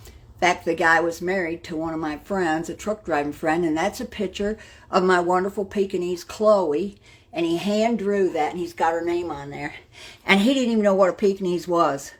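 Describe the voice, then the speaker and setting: A blunt, chatty older woman from New York with a lowish voice gives a casual home tour vlog, addressing viewers by name. She moves in and out of doors around her house and front yard.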